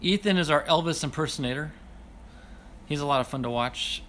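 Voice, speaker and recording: A man's voice: a little high, a little fast, fairly bright tone, a little hiss or hum. A man hosting a casual livestream and reading viewer comments aloud, apologetic and self-deprecating, laughing often as he stumbles over names. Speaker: livestream host.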